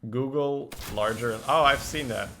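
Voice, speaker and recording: A male streamer with a bright, forward voice and a gravelly edge, thinking aloud about each move in loose, chatty commentary. He laughs easily between plays. A faint hum of background noise sits under his voice. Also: mid-range voice, moderate pace. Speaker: game streamer. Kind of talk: casual gameplay commentary.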